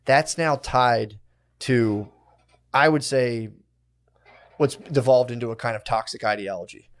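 A young man co-hosting a podcast, talking loosely and profanely, often slipping into mock voices to quote people. His pitch sits in the middle range. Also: measured pace. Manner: profane, riffing, mock-quoting others in put-on voices. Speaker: podcast co-host. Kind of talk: casual podcast banter.

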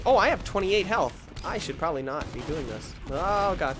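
A man hosting a gaming channel, giving excitable let's play commentary that swings into yelps and shouts when frustrated, often mocking himself. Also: sits high, moderate pace, hardly any pauses, faint music behind.

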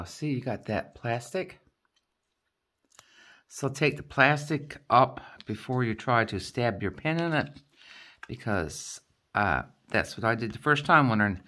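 A woman's voice: extremely low pitch, fairly bright tone. A middle-aged woman vlogging a craft kit unboxing, explaining each item in a chatty, step-by-step way. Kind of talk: casual unboxing chat.

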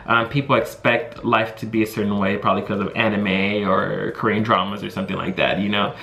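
Speaking a little fast in a level, creaky, sharp voice on the low side, a young man from the United States rambles through a storytime to camera. He's a vlogger who fills his talk with "you know" and "like", recorded in an echoey room.

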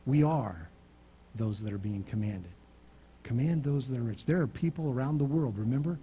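A pastor preaches to his congregation in an animated, storytelling way, swinging his voice up loudly to drive points home. His voice is husky and rough-edged, with a mellow warmth. He pitches it on the higher side for a man. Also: normal speed. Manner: animated storytelling preaching with loud emphatic rises. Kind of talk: sermon.

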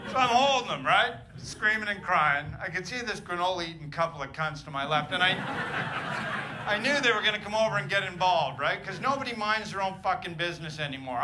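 A middle-aged man doing a profane stand-up comedy set in a club, ranting with loud punchlines. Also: high voice. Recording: noisy live club recording. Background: audience laughter.

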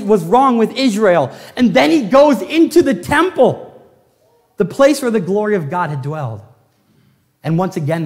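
A man preaching a sermon as pastor, telling the story with animated swings from loud to hushed. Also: high-pitched, long reverb tail. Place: church sanctuary.

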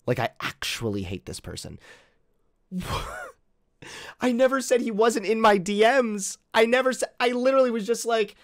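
A man's voice: extremely high pitch, very animated, normal speed, fairly bright tone, no echo, clean studio sound. A man hosting a commentary video, reacting to a clip in an exasperated, sarcastic rant. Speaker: commentary channel host.

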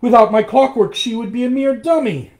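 A man's voice: mid-range voice, big pitch swings, normal speed, a little mellow, lightly acted. A man reading aloud and voicing a scheming old male dollmaker in a storybook tale. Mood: furious.

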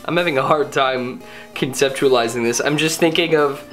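A man's voice: mid-range voice, moderate pace, fairly bright tone, soft background music. A young man casually reading viewer comments aloud and joking about them in a playful, mock-dramatic way. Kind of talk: casual comedic vlog.

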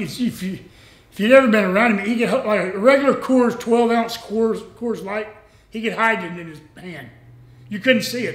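Older male guest, rambling salty yarns, higher-pitched, echoey room. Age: 60s. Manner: rambling, salty, laughs often. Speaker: retired pro wrestler, guest. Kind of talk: casual storytelling.

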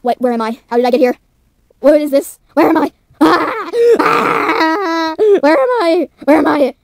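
A woman voicing a loud bewildered hybrid creature. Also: monotone, racing, clean tone, no echo, clean studio sound, lightly acted. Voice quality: loud, higher put-on voice. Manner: bewildered, exclaiming questions. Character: confused fused creature, Mewtwo-Dratini hybrid.

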